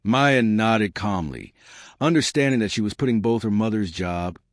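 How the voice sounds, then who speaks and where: A man giving scripted dramatic story narration, expressive and steady. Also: lowish voice, normal speed, dry recording, clean studio sound.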